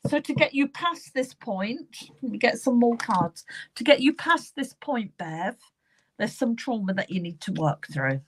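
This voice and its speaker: A British woman gives live psychic card readings, her voice sitting a little high. She talks steadily and reassuringly, circling back to the same phrases and the client's name as she draws cards. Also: lively intonation, a little slow, a little hiss or hum. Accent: British English. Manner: warm, reassuring, repeats names and phrases while drawing cards.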